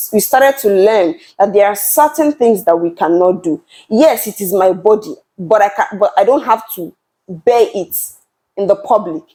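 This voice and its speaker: A woman's voice: mid-range voice, a little mellow, low-quality recording. A young woman, speaking to camera as a channel host in a passionate, emphatic way and often repeating words as she builds her point. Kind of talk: earnest talk-to-camera commentary.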